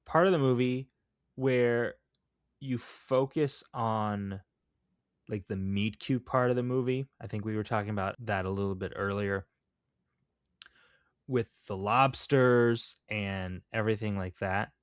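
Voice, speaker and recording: Man, podcast co-host, lowish voice, dry close sound, casual opinionated chat. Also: unhurried, smooth, no echo. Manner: chatty, opinionated, lots of fillers. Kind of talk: casual film discussion.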